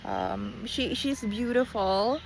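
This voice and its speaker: A woman's voice: on the high side, huge pitch swings, takes it slowly, vocal fry, a little hiss or hum. A woman with a Filipino accent, just woken up, talking in a casual rambling monologue full of restarts, fillers and switches into Tagalog phrases. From Philippines.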